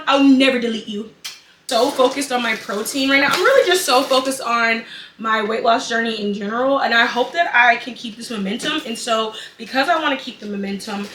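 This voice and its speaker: A young adult woman vlogging a casual haul, dramatic, excitable and chatty. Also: on the high side, slight background noise. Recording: echoey room, mic at a distance.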